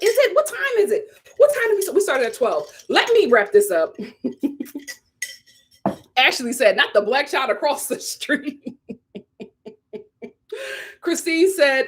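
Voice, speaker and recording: A young adult woman, hosting a casual live-stream commentary and ranting in a sassy, animated way with laughs. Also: fairly high pitch. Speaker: host.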